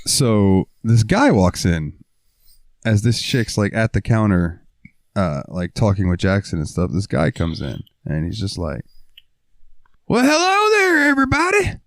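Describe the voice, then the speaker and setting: A man's voice: low-pitched, animated, unhurried, a little mellow, no room sound, studio quality. A young man hosting a podcast, telling a story in a rambling, profane, casual way. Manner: rambling, profane, lots of fillers. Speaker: podcast host.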